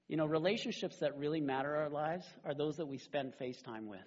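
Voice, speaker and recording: Middle-aged man pastor, husky, slightly high voice, chatty sermon, dull lo-fi recording. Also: fairly quick. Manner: animated, conversational, with frequent "right?" asides.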